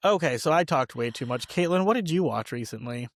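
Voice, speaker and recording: A man's voice: mid-range voice, lively intonation, a little fast, no room sound. A young man co-hosting a podcast in casual chat, dry and self-deprecating, often trailing off into a mumble. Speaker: podcast co-host.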